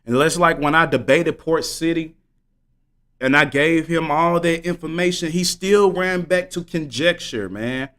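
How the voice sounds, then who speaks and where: A man's voice: a little high, measured pace, fairly bright tone. A man livestreaming, talking fervently and preachily straight to his viewers in slangy speech that repeats points for emphasis. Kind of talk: live stream commentary.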